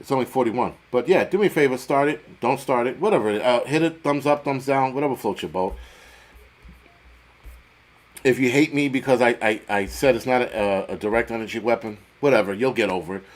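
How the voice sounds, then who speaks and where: A man in middle age talks loosely to his livestream viewers, swearing freely and wandering between jokes and the topic. His voice sits at an ordinary middle pitch, and he jumps abruptly between loud bursts and muttered asides. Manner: profane, rambling, jokey, quick swings in loudness. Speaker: livestream host. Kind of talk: casual livestream chat reading viewer comments.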